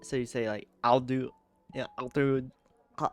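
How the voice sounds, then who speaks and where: A man's voice: medium pitch, flat delivery, moderate pace, soft background music. Giggly, chatty male streamer. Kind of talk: casual gaming stream chat.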